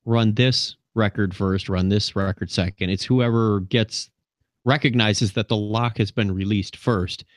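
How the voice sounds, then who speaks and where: A man's voice: lowish voice, steady tone, measured pace, dry recording, clean studio sound. A man co-hosting a tech webinar over a web call, asking follow-up questions and checking that he has understood. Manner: inquisitive, checks his understanding. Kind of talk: webinar discussion.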